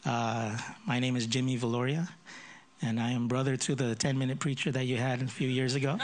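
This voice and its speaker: A man's voice: medium pitch, flat delivery, fairly quick, background noise. A man in his fifties with a Filipino accent shaped by growing up in America, an associate pastor leading prayer and telling jokes about himself from the pulpit. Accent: Filipino with American influence. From Philippines. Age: 50s. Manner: self-deprecating jokes, repeats words when starting. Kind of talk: sermon with prayer and humorous introduction.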